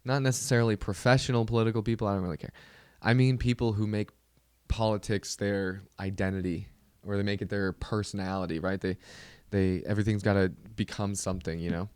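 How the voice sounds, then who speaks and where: A man's voice: on the low side, level tone, fairly quick, a little mellow, clear, resonant tone, dry recording, studio quality. A man hosting a comedy podcast, ranting in a casual, exasperated and profane way that rambles along.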